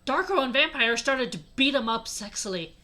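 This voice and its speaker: Brief: bright-voiced young woman, a touch high, deadpan comic reader. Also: normal speed. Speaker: host reading a fanfic aloud. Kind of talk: comic dramatic reading.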